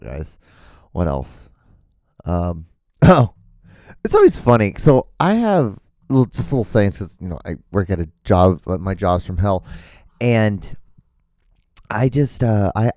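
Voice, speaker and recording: A man's voice: deep voice, gravelly, warm tone, dry recording, clean studio sound. A man hosting his own solo podcast, rambling jokily and swearing freely in a casual monologue. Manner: rambling, profane, jokey. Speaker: podcast host.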